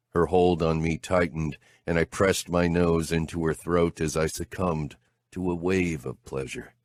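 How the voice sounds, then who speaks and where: A man narrating a first-person audiobook in a slow, measured, intimate delivery. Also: rumbling low, no echo.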